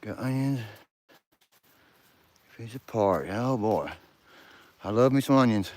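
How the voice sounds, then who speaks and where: Outdoors in the snow, a man hosts a casual livestream, greeting viewers by name while speaking close to a phone or camera. His mid-range voice is animated but slow-paced, with a darkish tone.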